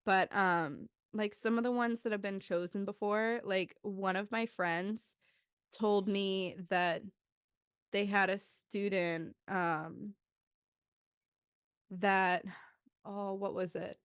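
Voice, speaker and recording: A young woman in her twenties co-hosting a podcast. She tells a story in a loose, chatty way, full of "like"s, and acts out the children's voices with big jumps in pitch. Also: fairly even intonation, slow, fairly bright tone, clear, resonant tone, dry recording, clean studio sound. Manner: loose, chatty telling with many "like"s. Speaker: podcast co-host. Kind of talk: casual storytelling chat.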